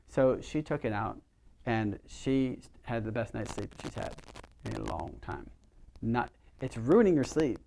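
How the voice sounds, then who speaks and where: A man's voice: mid-range voice, very animated, measured pace, gravelly, a little mellow. Chatty middle-aged man leading a workshop. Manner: chatty, storytelling, asks the audience questions. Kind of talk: casual workshop talk to a small group.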